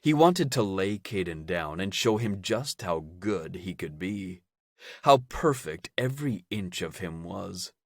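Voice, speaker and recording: A man narrating a romance audiobook in a steady, even storytelling delivery. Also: deep voice, measured pace, no room sound, studio quality.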